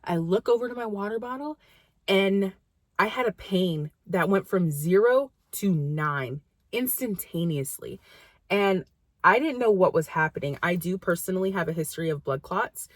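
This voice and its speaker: A woman's voice: medium pitch, expressive, normal speed, no room sound. A young woman vlogger telling a personal story in a rambling, casual way, full of fillers.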